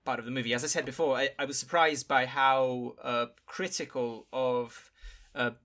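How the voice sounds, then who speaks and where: A man with a bright, forward voice talks through a film on a podcast. He often stops, restarts and fills gaps with small sounds as he thinks. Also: mid-range voice, steady tone. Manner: halting, many fillers and restarts. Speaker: podcast panelist. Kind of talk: casual film discussion.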